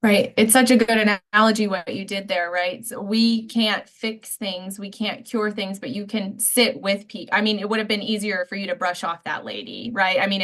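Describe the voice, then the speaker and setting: A woman's voice: mid-range voice, a bit bright. A woman from the United States hosting a podcast interview, chatty and conversational, often tossing in "like" and "right?". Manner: chatty, frequent "like" and "right?" asides. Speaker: podcast host. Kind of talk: casual interview chat.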